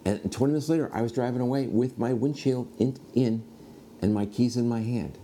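A middle-aged man from the United States telling a personal story in a sermon, animated, acting out the other people in it. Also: mid-range voice, brisk, a little hiss or hum. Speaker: preacher.

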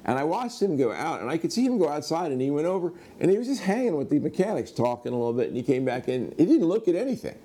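A middle-aged man from the United States telling a personal story in a sermon, animated, acting out the other people in it. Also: on the high side, fast talker, few pauses, husky. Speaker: preacher.

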